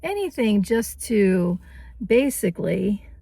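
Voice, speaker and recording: A woman's voice: mid-range voice, very animated, takes it slowly, vocal fry, warm tone, husky, no echo. A woman hosting a casual vintage-shopping vlog, chatty and cheerful, often laughing as she talks. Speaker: vintage vlogger.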